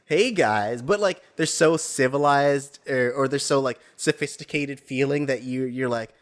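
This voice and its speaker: A man's voice: mid-range voice, measured pace, few pauses. A man from the United States co-hosting a casual podcast chat, rambling and joking, often slipping into silly voices. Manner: jokey, rambling, drops into silly put-on voices. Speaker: podcast co-host.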